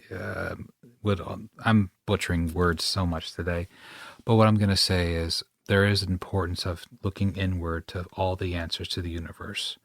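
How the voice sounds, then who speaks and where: A man with a very low voice hosts a casual podcast chat. He muses and rambles, often laughing at his own stumbles. His voice sounds close and dry, with almost no room sound. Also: no room sound. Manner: reflective, rambling, self-deprecating. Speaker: podcast host. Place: podcast studio.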